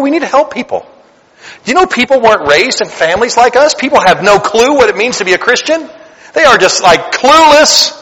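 A man's voice: sits high, a bit bright, breathy edge, in a large hall. A man in his late forties preaching a sermon, talking to the congregation in a conversational way and building to emphatic bursts. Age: 40s. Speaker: pastor. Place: church sanctuary.

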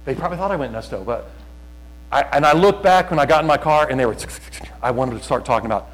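A middle-aged male pastor preaching a fervent sermon, often loud, repeating words as he builds. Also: medium pitch, lively intonation, quick pace, low-quality recording.

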